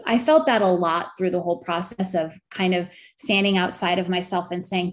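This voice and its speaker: Thoughtful, halting middle-aged woman. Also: on the low side, steady tone. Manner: thoughtful, halting, with frequent restarts and soft laughs. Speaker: interview guest, actress and memoir author. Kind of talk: reflective conversational interview.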